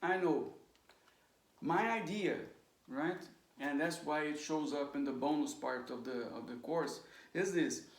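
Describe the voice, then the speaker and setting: Slow woman teaching in an echoey room. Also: sits low, distant mic. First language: Portuguese. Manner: slow, drills words aloud, often checks with "right?" and "okay?". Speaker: English teacher. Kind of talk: pronunciation lesson. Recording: roomy echo, voice from away from the mic.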